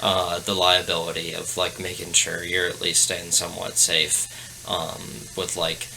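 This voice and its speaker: This young adult man is a guest on a podcast, talking casually but haltingly, with plenty of fillers and restarts. His deep, creaky voice has a sharp tone and a completely flat, unhurried delivery. The recording is low quality, with faint background noise.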